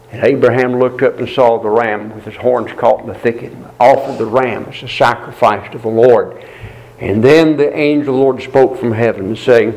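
A man's voice: mid-range voice, normal speed, darkish tone, rough recording. A man preaching a sermon, retelling a scripture story with emphatic repetition. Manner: emphatic, repeats phrases for stress, storytelling.

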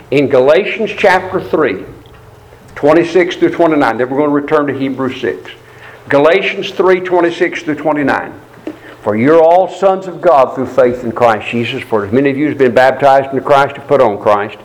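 In a rough recording, a man with a voice on the high side preaches a sermon. He retells a scripture story as a storyteller, emphatically repeating phrases for stress.

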